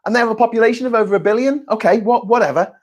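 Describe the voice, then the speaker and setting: A man's voice: extremely high pitch, racing, highs cut off. A man hosting a casual live-stream chat, ranting, rambling, and swearing freely. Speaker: host.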